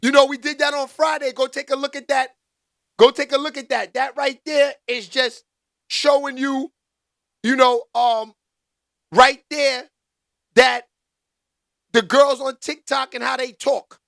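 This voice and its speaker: A man's voice: very high-pitched, little pitch movement, unhurried, vocal fry, long pauses, a bit bright, no echo, studio quality. A man hosting a live stream, chatting loosely and calling out viewers by name. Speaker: livestream host. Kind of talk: casual live commentary.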